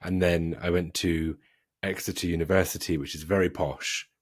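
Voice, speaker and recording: A southern English man hosting a casual podcast chat, easygoing and self-deprecating. His voice sits very low. The sound is dry and close. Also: fairly even intonation, normal speed, no room sound. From Wiltshire, England. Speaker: podcast host.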